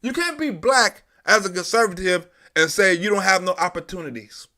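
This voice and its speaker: A man's voice: sits high, normal speed, bright, forceful tone. A man hosting a live stream, delivering an emphatic, profane, repetitive political commentary rant.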